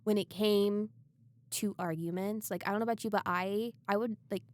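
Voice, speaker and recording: A young woman co-hosting a casual podcast, telling stories candidly, rushing at times and then slowing for emphasis. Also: mid-range voice, fairly even intonation, a little mellow, no room sound. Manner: candid storytelling, rushes then slows for emphasis. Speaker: podcast co-host. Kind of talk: casual chat.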